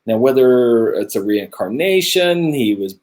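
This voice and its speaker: A man co-hosting a casual Bible study talk, earnest and musing, growing animated when he makes a point. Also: medium pitch, measured pace. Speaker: co-host of a religious discussion show. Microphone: own camera close by, video stream.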